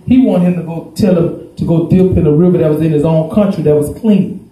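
Pastor preaching in an echoey church. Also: male voice, fairly high pitch, fast. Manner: preachy, rising to shouts, folksy storytelling. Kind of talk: sermon. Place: church sanctuary.

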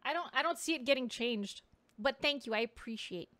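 A woman streaming a game and chatting casually with viewers, bubbly and quick to thank them, rambling along with lots of "like" in her speech. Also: a little high, expressive, a bit bright, no echo. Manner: rambling, filler-heavy speech full of "like". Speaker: VTuber streamer playing a game. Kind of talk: casual gameplay chat with viewers.

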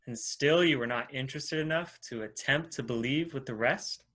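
A man's voice: medium pitch, normal speed, sharp tone. An actor playing a formal, persuasive male messiah and cult leader in an audio drama. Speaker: antagonist.

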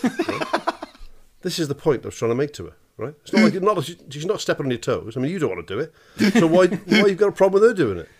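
Middle-aged podcast co-host, blunt and sweary, animated delivery. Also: male voice, a little high, quick pace, breathy edge. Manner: blunt, sweary, lots of laughing asides. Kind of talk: casual chat.

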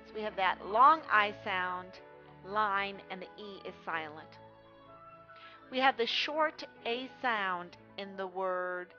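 A woman teaching a phonics lesson, reading words slowly and stressing each one for young readers. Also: medium pitch, lively intonation. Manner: slow, careful, stresses each word. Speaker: reading tutor. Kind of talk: phonics lesson read aloud. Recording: dull lo-fi sound with faint music.

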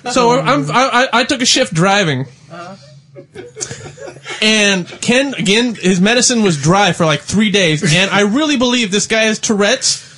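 A man's voice: high-pitched, lively intonation, a little slow, bright, forceful tone. A man co-hosting a comedy show, telling a story while laughing through it. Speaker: comedy podcast co-host. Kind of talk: comic storytelling.

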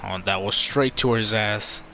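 A man commenting on his own gameplay, swearing a lot and swinging between loud outbursts and low muttering. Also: a little slow, a little hiss or hum. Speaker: gamer.

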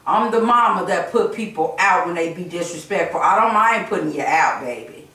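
A woman's voice: lowish voice, lively intonation, normal speed, sharp tone. A stern mother lectures her son, firm and preachy, circling back over the same phrases. She sounds far from the mic. The room around her is very echoey. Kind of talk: prank skit, casual scolding.

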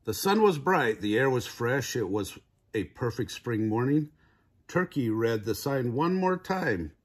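An older man, a grandfather, reading a children's picture book aloud with gentle asides. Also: mid-range voice, big pitch swings, a little slow, slightly rough. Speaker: storybook reader.

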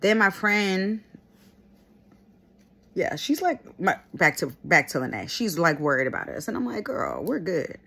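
A woman vlogger telling stories in a chatty, animated way, with lots of fillers and laughs. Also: mid-range voice, a little slow, long pauses, breathy edge. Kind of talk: casual storytime chat.

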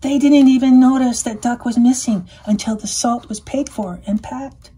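A woman reading a children's picture book aloud, switching into animated character voices. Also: on the high side, moderate pace, slightly rough. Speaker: storybook reader. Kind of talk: read-aloud storytelling.

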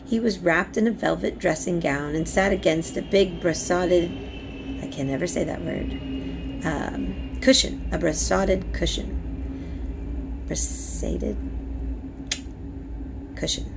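A woman's voice: fairly low pitch, a little slow, gravelly, noisy background. A woman reading a novel aloud who stumbles over words and corrects herself. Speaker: reader.

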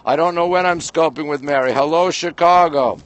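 A man's voice: fairly high pitch, brisk, muffled recording. A man from Canada livestreaming at night from a cold rooftop deck, greeting viewers by name and place as he shows the skyline. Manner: greets viewers by place and name, chatty tour-guide patter. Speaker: livestream host. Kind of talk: casual live-stream chat. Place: rooftop deck high up, outdoors at night in winter. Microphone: phone held in hand.

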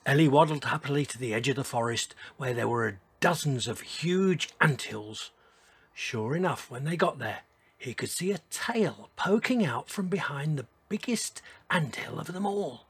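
A man reading a children's storybook aloud in a gentle, expressive way. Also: medium pitch, moderate pace, husky, no room sound. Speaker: narrator.

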